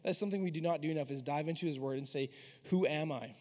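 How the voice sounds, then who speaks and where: A man's voice: fairly high pitch, quick pace, darkish tone. Young man preaching in a reverberant hall. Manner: earnest, conversational, acts out quoted dialogue. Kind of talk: sermon. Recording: long reverb of a large hall.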